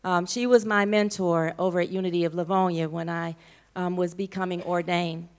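A woman's voice: on the low side, steady tone, moderate pace, smooth. A woman minister with an American accent introducing a guest speaker in church, emotional and informal with playful asides.

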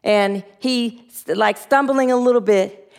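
A woman's voice: on the high side, unhurried, gravelly. A woman minister giving a spiritual sermon, earnest and leading the group in spoken affirmations.

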